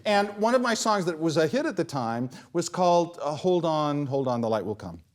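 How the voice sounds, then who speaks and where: A man, a composer and performer, telling a story to a live audience during an interview and acting out the quotes. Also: normal speed. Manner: animated, acts out quotes with big pitch swings.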